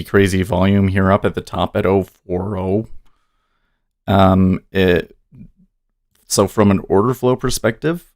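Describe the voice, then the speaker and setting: On a dry, studio-quality recording, a low-voiced man runs a day-trading livestream. He chats and wanders off topic, makes self-deprecating remarks, and reads the chat out loud.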